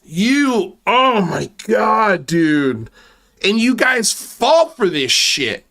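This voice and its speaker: A man's voice: sits high, sing-song, extremely slow, sharp tone. A man hosting a commentary channel, speaking in sarcastic, mocking asides with exaggerated exclamations. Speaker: channel host.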